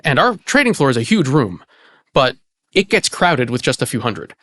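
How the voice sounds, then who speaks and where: A man, an archivist hosting the conversation, explaining in a relaxed way with lots of "you know" fillers. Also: mid-range voice, moderate pace, no room sound, clean studio sound. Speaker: archivist and host. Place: indoor archive space.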